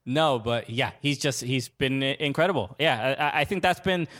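A man co-hosting a casual sports talk stream, speaking haltingly with many restarts and fillers. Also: mid-range voice, lively intonation, a bit bright. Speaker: podcast co-host. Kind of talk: casual chat.

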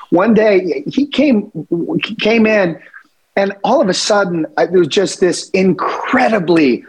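A man with a slightly higher voice, a guest actor on an interview. He tells stories with gusto and acts out the lines he quotes. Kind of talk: interview anecdotes.

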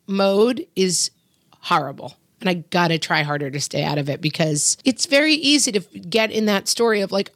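A middle-aged woman chatting on a parenting podcast with a low, grounded voice. She talks candidly and pokes fun at herself, tossing in animated asides. The sound is close and dry, with no room around it. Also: moderate pace, dry recording. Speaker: podcast co-host. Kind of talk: casual parenting chat.

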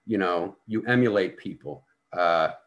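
A man's voice: low-pitched, a little slow, fairly bright tone, dull audio. A man telling a war story in casual talk, blunt and full of profanity. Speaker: guest.

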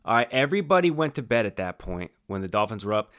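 A man's voice: fairly low pitch, big pitch swings, fast talker, fairly bright tone. A man co-hosting a sports talk show, joking in laid-back banter. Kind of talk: casual sports chat.

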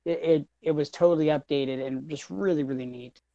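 A man in his thirties co-hosting a relaxed podcast, rambling, laughing and doubling back on his words. The recording sounds dry, with a slightly dull, muffled tone. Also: fairly high pitch, fairly quick, no room sound. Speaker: podcast co-host. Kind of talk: casual podcast chat.

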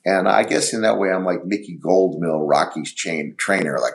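A middle-aged man telling stories on a podcast, rambling and halting as he searches for words. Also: low-pitched, creaky. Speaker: podcast guest. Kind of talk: casual storytelling.

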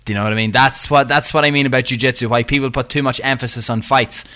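A man's voice: mid-range voice, steady tone, fast talker, pushed and bright. A young Irish man co-hosting a podcast, chatty and jokey, talking himself up. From Ireland. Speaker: podcast co-host. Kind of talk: casual podcast chat.

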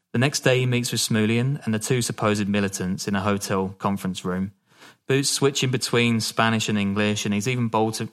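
A man with a fairly low voice tells a story on a podcast in a loose, joking chat. He laughs often and keeps it casual. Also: a bit bright. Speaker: podcast host telling the story.

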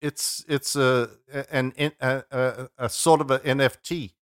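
A man's voice: mid-range voice, fairly even intonation, unhurried, very noisy. A man co-hosting a podcast who laughs often and answers with short quips. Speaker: podcast co-host. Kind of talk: casual chat.

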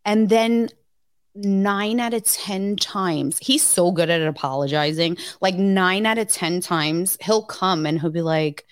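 A woman's voice: on the low side, steady tone, slow pace, clear, resonant tone, no room sound, clean studio sound. Blunt, salty-talking woman podcast co-host. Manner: frank, salty, swears freely. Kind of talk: casual chat.

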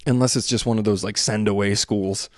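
A man in his thirties talks through his thoughts in a reflective solo monologue, his voice fairly low, steady and darkish at a fairly quick pace. It's a rambling, hesitant delivery full of fillers and restarts, captured as a dry, studio-quality recording.

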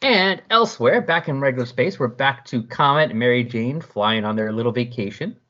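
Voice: mid-range voice, animated, normal speed, a bit bright. A podcast host recapping a comic in casual chat and animatedly reading the characters aloud, through a dull lo-fi recording. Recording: dull lo-fi sound.

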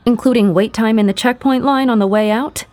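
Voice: medium pitch, very animated, fast, darkish tone, pitched above the performer's own voice, natural voice. A narrator voicing a sarcastic, frustrated woman detective in a raised, clipped voice. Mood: snarky.

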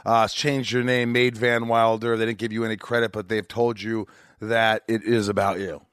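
A man hosting a casual podcast interview, prodding his guest with quick follow-up questions. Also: fairly low pitch, little pitch movement, fairly bright tone, smooth, no room sound, clean studio sound. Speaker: podcast host.

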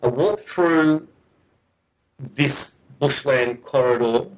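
A man's voice: mid-range voice, slow pace, poor audio. A middle-aged man, a guest researcher, telling a story in a podcast interview, earnest and often restarting and repeating his words. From Australia.

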